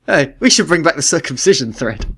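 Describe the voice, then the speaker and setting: Brief: male podcast co-host, slightly high voice, wry crude humour. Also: expressive, brisk, fairly bright tone, slightly rough. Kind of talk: casual chat.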